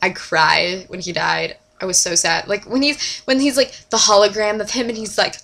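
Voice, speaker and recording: A young woman chatting casually to her camera as a fan, gushing and animated, dropping to whispers and jumping to squeals. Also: mid-range voice, unhurried. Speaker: vlogger.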